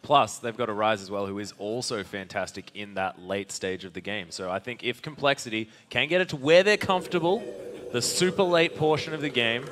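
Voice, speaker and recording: A man giving color commentary on a video game match into a headset, reacting quickly and excitedly to the plays. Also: mid-range voice, a little hiss or hum. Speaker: esports caster.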